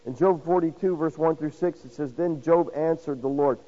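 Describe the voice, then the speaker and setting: A man preaching a sermon, swinging from loud emphasis to hushed, intimate lines and acting out quoted voices with rhetorical questions. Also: a little high, moderate pace, muffled recording. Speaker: pastor.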